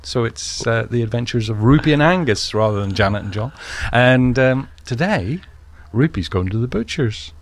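A male radio co-host playing along in casual studio banter, then briskly introducing a comic segment. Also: medium pitch, lively intonation.

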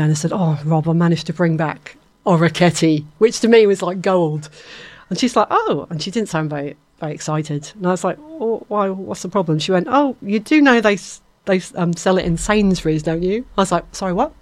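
Casual female radio presenter, lower-pitched, meandering talk full of fillers. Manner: chatty, rambling, many ums. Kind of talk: casual on-air chat.

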